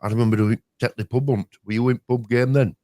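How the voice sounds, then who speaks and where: A man's voice: mid-range voice, steady tone, fast, warm tone, no room sound, clean studio sound. An older man with a Yorkshire accent, rambling through broad-dialect memories in casual chat as a show's co-host. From Yorkshire, England. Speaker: podcast co-host.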